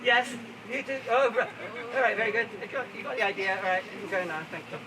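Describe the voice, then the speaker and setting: A fairly high-pitched man performs stories live in an outdoor garden, chatty and theatrical, with laughter never far away. He sounds set back from the mic, and steady background noise runs under his voice. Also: quick pace. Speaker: storyteller. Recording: distant, noisy outdoor recording.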